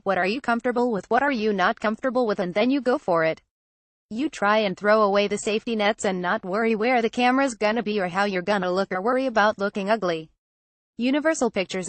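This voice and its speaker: Even-toned woman reading news quotes. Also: medium pitch, no echo. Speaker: narrator.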